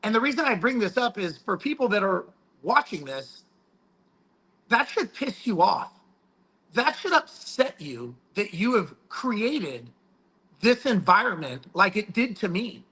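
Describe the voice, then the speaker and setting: A man's voice: sits high, sing-song, a little slow, sharp tone, husky, low-quality recording. A man talking casually and telling stories with heavy swearing. He is emphatic and quotes his mentor's lines back and forth. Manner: profane, storytelling. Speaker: guest speaker. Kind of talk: casual chat.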